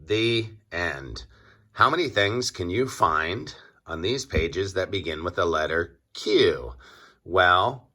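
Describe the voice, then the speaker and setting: A man reading a picture book aloud to young children, slow and deliberate, pausing to quiz his listeners. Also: deep voice, expressive, pushed and bright. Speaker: children's story reader. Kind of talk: read-aloud storybook for kids.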